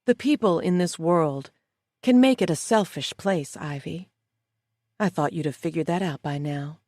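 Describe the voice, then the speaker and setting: A woman voicing Georgia, a smug, soft-spoken schemer. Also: sits low, no echo, studio quality. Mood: cold. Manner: slow, soft, mocking delivery. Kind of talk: audiobook character voice.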